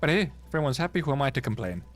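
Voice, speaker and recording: A man's voice: mid-range voice, very fast, soft background music, voice pushed up, close to an everyday voice. A man voicing a weary, laid-back woman soldier who grumbles. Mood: grumbling. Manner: relaxed, grumbling.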